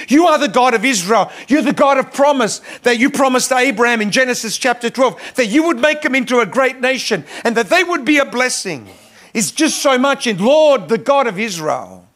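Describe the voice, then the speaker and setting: Male pastor preaching, high voice, fervent emphasis and repetition. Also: lively intonation, moderate pace, fairly bright tone. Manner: impassioned, rising in pitch on emphasis, frequent repetitions. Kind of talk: sermon.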